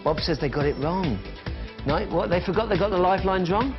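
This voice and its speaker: A man hosts a live TV shopping pitch, chatting and calling out falling prices. His voice sits a little high for a man. The broadcast sound is dull and lo-fi, with music clearly playing underneath. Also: lively intonation, fairly quick. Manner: chatty, upbeat, counting down prices. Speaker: shopping channel presenter.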